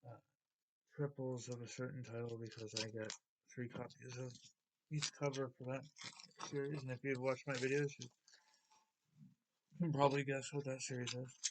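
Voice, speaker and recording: A man's voice: mid-range voice, level tone, normal speed, pauses often, slight background noise. A man hosting a comic book video, casually retelling a story and unboxing comics in a loose, rambling way.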